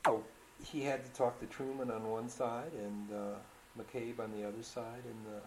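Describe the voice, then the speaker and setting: A man's voice: medium pitch, flat delivery, moderate pace, slight background noise. A male interviewer with a thoughtful, probing manner, posing leading questions in an oral history interview. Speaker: interviewer, economist. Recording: echoey room.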